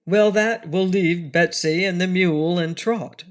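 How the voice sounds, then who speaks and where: A woman reading a calm old storybook wizard who explains things gravely and slowly. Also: lowish voice, lightly acted. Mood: earnest. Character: kindly elderly male wizard, careful leader.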